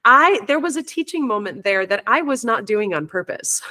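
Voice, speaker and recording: A woman's voice: on the high side, expressive, normal speed, bright, forceful tone. A woman who teaches and coaches parents, talking openly and reflectively in a casual conversation, often restarting her sentences as she thinks. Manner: open, reflective, storytelling with many restarts.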